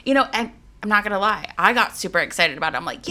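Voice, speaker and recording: A woman co-hosting a podcast in casual chat, animated and acting out her own thoughts. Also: medium pitch, quick pace. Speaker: podcast co-host.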